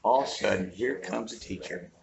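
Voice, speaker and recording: A man in his fifties with a gravelly, creaky voice spins joking, folksy stories in a casual chat. A crowd murmurs steadily behind him. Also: on the low side, brisk, low-quality recording. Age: 50s. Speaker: interviewee. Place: roadside outdoors.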